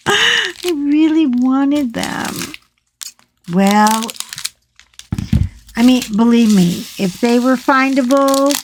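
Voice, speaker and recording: Woman vlogger chatting while she colors, animated and fed up, takes her time talking, faint noise behind. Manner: animated, exasperated storyteller with swings in pitch. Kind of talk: casual chat while coloring.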